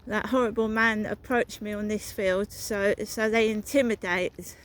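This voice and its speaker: A woman's voice: medium pitch, steady tone, measured pace, low-quality recording. A woman narrating a walking vlog outdoors, talking in a rambling, repetitive, suspicious way. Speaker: vlogger. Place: outdoors, walking through a town.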